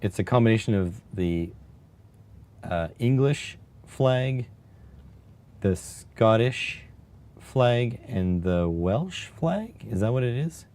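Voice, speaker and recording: A man streaming live, chatting casually and musing aloud in a wry, unhurried way as he types. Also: mid-range voice, animated, a little mellow. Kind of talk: casual live-stream chat while typing.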